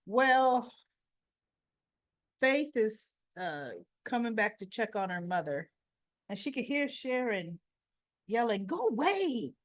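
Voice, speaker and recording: A woman casually recapping a soap opera episode, retelling scenes with quoted lines, her voice a little rough. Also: on the high side, animated. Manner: slow, chatty retelling with quoted dialogue. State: slightly rough voice after choking.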